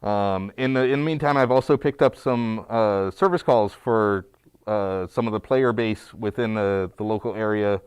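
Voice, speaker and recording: A man's voice: on the low side, moderate pace, smooth, no room sound. A man who is a guest pinball technician, chatting casually on a livestream with many fillers and restarts. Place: small studio.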